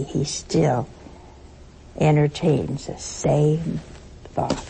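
A woman's voice: medium pitch, expressive, measured pace, vocal fry, pauses often, darkish tone, slight background noise. A woman giving a conversational sermon to her listeners, telling stories and often laughing as she talks. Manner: chatty storytelling, laughs through her anecdotes. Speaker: religious speaker addressing listeners.

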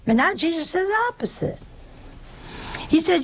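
A woman preaching a sermon in an animated way, with many rhetorical questions and little acted-out exchanges. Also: high-pitched, moderate pace, pauses often.

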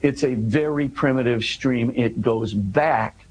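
A man's voice: mid-range voice, slow, a little hiss or hum, low-quality recording. A man in an interview, earnestly explaining a scripture passage, often restarting and pushing his voice up for emphasis.

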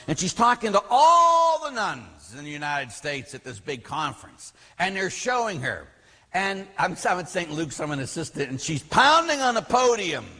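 A man, a Catholic priest, teaching a class with animated storytelling and emphatic outbursts. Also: medium pitch. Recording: long reverb of a large hall.

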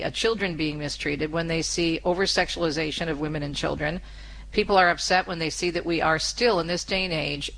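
A woman hosting a Catholic talk radio show, speaking briskly and upbeat with quick asides. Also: low voice, a bit bright, slight background noise, poor audio. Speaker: radio host.

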